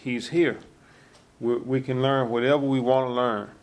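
A calm, affirming speaker in a casual faith discussion, often quoting scripture. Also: mid-range voice, normal speed. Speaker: church discussion participant.

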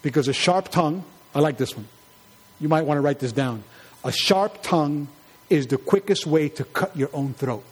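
A man preaching a sermon in an animated, conversational way, acting out quarrels in high mocking voices. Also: moderate pace, breathy edge.

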